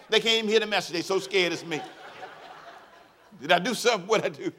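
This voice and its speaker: This sermon comes from a male pastor whose voice sits high and whose pace is quick. He is animated and folksy, guiding call-and-response with the congregation and laughing at his own tales.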